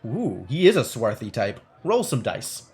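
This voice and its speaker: A man's voice: medium pitch, very animated, measured pace, a little mellow, a little hiss or hum. A male game streamer reading a text game aloud and thinking through it, playful and wry, with casual commentary.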